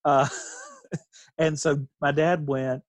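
Middle-aged man from Kentucky, rambling casual storyteller, slightly high voice, dry sound. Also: level tone, very slow, dry recording. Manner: rambling, restarts and laughs while telling stories.

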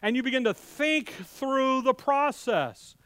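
A man preaching a sermon with fiery, animated delivery, swinging between loud outbursts and hushed asides and speaking in a folksy, direct way to his congregation. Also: extremely high pitch, takes it slowly, smooth, no room sound. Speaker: pastor.

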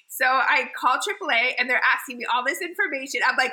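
A middle-aged woman co-hosting a podcast, telling a story in a dramatic, animated way and laughing often. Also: high-pitched, brisk, hardly any pauses. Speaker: podcast co-host. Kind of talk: casual chat.

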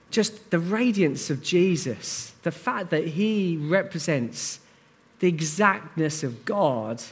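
A male preacher delivering a sermon in a warm, conversational style, turning to his listeners with questions. His voice is high for a man and rises and falls a great deal. He keeps it animated throughout.

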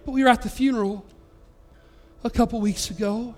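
A man's voice: very high-pitched, steady tone, a little fast, a little mellow, soft background music. A man preaching as a pastor, telling a story in an earnest, conversational way with frequent restarts. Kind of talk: storytelling sermon.

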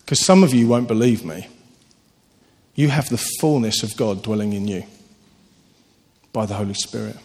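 A man preaching a sermon, earnest and animated, telling stories with sudden lifts in his voice. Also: lowish voice, normal speed, long pauses. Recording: long hall reverb.

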